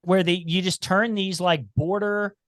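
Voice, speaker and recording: A talkative man with a slight Appalachian twang, chatting as a podcast guest. His voice sits a little high for a man and sounds close and dry. He talks in animated bursts and restarts his sentences as he goes. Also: a little slow, no echo. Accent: slight Appalachian twang, Cincinnati. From Cincinnati area, United States. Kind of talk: casual chat.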